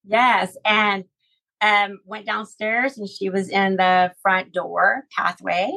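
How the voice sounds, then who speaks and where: A middle-aged woman guest in an interview, retelling a personal story in a halting, emotional way with many fillers. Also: medium pitch, little pitch movement, creaky, bright, forceful tone, low-quality recording. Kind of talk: conversational interview.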